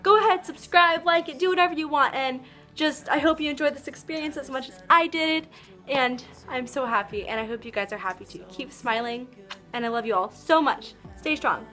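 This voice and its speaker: A woman's voice: sits high, fairly quick, sharp tone, faint music behind. A young woman vlogging, gushing and bubbly, with many filler words as she recaps her day. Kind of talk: excited fan vlog recap.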